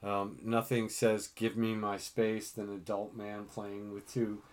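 A man's voice: on the low side, monotone, measured pace. A middle-aged man hosting a casual chat with his daughter, self-mocking and full of fillers. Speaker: podcast host.

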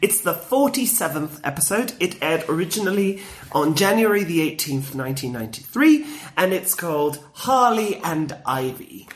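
An enthusiastic podcast co-host chatting casually and rambling through fond memories, full of fillers and restarts. They talk freely, leaning on "like" as they go, and their pitch sits in the middle range. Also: big pitch swings, normal speed. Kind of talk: casual chat.

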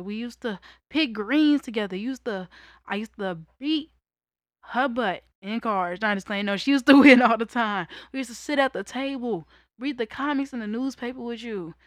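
A young woman candidly telling a personal story in a casual monologue, raw and conversational, breaking into loud laughter. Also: fairly high pitch, moderate pace, no echo, clean studio sound. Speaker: vlogger.

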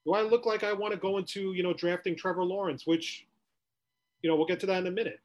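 A man's voice: sits high, steady tone, quick pace. A man co-hosting a sports podcast, ranting with rhetorical questions in casual talk.

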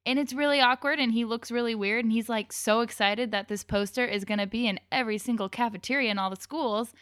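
A woman's voice: fairly high pitch, quick pace, fairly bright tone, clear, resonant tone, no echo, clean studio sound. A woman guest chatting and joking while recapping a TV episode, reading from her notes. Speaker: guest co-host. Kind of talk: casual chat recapping a TV episode.

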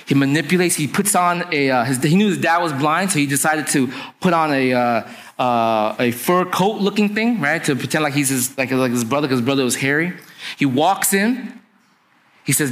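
Animated male preacher retelling a story. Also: on the high side, moderate pace. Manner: storytelling, acts out dialogue with casual slang. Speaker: pastor. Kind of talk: sermon.

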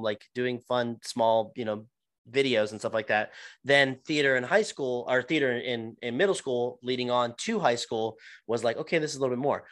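A young man talks casually about acting, circling back on himself with fillers and restarts. His voice sits at a middle pitch, recorded close and dry with no room sound. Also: a bit bright, dry recording. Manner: rambling, many restarts and fillers. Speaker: actor. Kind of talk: casual podcast chat.

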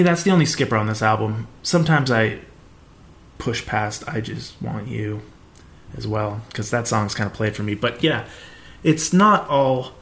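Male podcast host, mid-pitched, casual and profane fan chatter. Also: a little hiss or hum.

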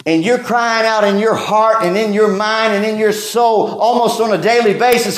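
A man's voice: high-pitched, steady tone, normal speed, hardly any pauses, roomy sound. A man preaching a sermon as pastor, acting out pleading cries with passion.

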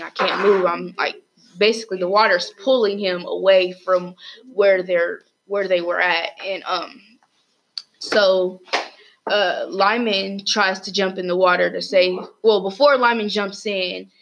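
A woman's voice: mid-range voice, a bit bright, slight background noise. A woman casually retelling a story as a student podcast host, rambling with lots of fillers and restarts.

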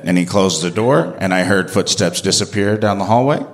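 Animated male storyteller, lowish voice. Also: moderate pace. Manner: animated, comic, self-mocking. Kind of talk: live personal storytelling.

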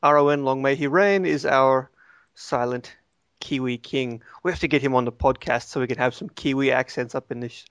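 A man's voice: medium pitch, normal speed, fairly bright tone, clear, resonant tone, no echo. A man co-hosting a gaming podcast, chatting in a jokey, rambling way with lots of fillers. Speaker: subreddit moderator and co-host. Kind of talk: casual podcast chat.

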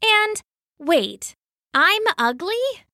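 A woman doing a high, chirpy little frog girl in a storybook. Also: lively intonation, takes it slowly, sharp tone, no room sound, studio quality, full character voice. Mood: hurt. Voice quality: high, chirpy, croaking "ribbit". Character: sweet, hopeful little female frog.

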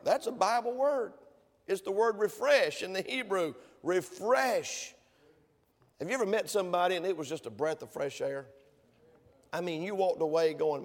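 A high-pitched man preaches from the pulpit of a church. He is emphatic and climbs to fervent peaks. His voice rings out with a long reverb from the sanctuary. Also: normal speed. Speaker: pastor. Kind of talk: sermon.

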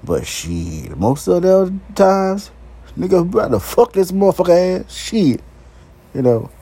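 A man delivering a raw, uncensored monologue to his viewers, brash, profane and animated, breaking into laughter. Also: high-pitched, unhurried, slightly rough. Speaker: vlogger.

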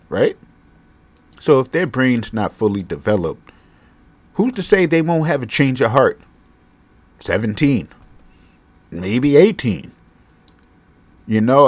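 A man's voice: medium pitch, darkish tone, no echo. A man hosting his own podcast, ranting on his own in a profane, exasperated, rambling way; he is a parent. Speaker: podcast host. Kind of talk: solo podcast rant.

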